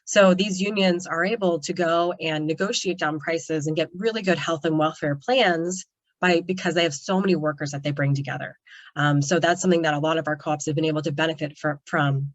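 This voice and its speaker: A woman's voice: low-pitched, fairly even intonation, brisk, no room sound, highs cut off. A woman giving an earnest webinar presentation on a video call, talking loosely with many "um" and "kind of" fillers. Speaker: co-op developer presenting.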